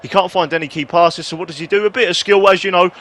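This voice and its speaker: Brief: man, high voice, excitable play-by-play football game commentary with self-mocking asides. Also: fast talker. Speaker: gaming YouTuber.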